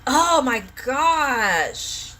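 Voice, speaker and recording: A woman's voice: sits high, sing-song, very slow, bright, forceful tone, a little hiss or hum. A woman giving a live-streamed tarot reading, passionate, blunt and full of profanity. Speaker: tarot reader.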